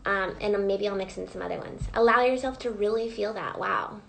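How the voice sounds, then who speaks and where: A woman's voice: medium pitch, a little fast, creaky, fairly bright tone, slight background noise, low-quality recording. A woman coach leading a live guided reflection session, prompting listeners with repeated questions. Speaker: emotional wellness coach.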